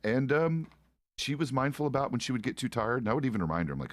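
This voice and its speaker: A man's voice: medium pitch, big pitch swings, fast talker. A middle-aged man chatting casually while role-playing a frontier deputy, rambling and swearing with many restarts. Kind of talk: casual role-play chat.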